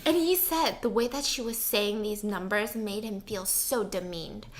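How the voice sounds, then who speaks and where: A woman's voice: medium pitch, normal speed. A woman hosting a mukbang video, telling a funny story in casual chat, acting out quotes and laughing often. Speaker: mukbang host.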